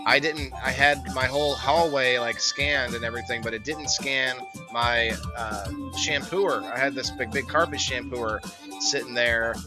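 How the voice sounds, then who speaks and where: Over music, a male livestream host talks at normal speed in a steady, medium-pitched voice. He keeps it casual, rambling and cracking jokes as he calls out chat viewers by name.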